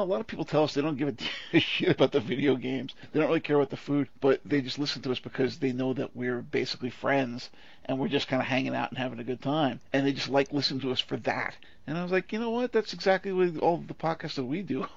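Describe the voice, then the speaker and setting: Man, podcast co-host, gravelly, husky, rambling and irreverent, dull lo-fi sound. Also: medium pitch, dry recording. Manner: laughs often, rambling and irreverent. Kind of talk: casual chat.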